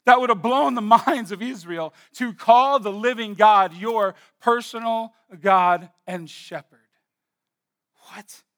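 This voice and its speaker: A pastor with a high, bright voice preaching in a church. His tone is crisp and clear, and he drops to a near hush to stress a phrase, then rises into loud, declaring lines. He dwells on single words with slow, deliberate repetition. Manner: swings from hushed emphasis to loud declaration. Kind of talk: sermon.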